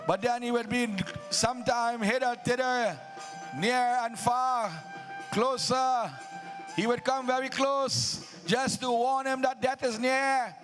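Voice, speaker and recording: Male devotional storyteller, very high voice, slow dramatic preacherly phrasing. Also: a bit bright. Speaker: Ramleela narrator.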